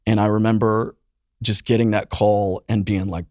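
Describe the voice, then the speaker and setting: A man in his thirties, a youth pastor guest on a podcast, telling a painful personal story earnestly and with emotion, often softening his voice. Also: little pitch movement, normal speed, dry recording, studio quality. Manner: earnest, emotional storytelling, voice drops low and soft in painful moments. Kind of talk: personal testimony in conversation.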